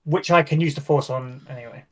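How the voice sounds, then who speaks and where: A man's voice: a little high, brisk. A man playing a tabletop game casually, laughing and reasoning out rules. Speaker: player.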